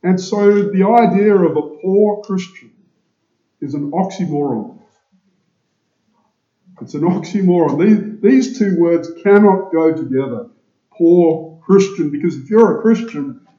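A man delivers a sermon in a very dark, mellow voice, pitched slightly high for a man. He speaks slowly and with emphasis, asking the congregation question after question. The recording is echoey and a little dull, as if taken in a church. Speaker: preacher.

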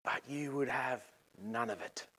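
A man preaching a sermon in a lively, conversational and joking way. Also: medium pitch, a little slow, slight background noise.

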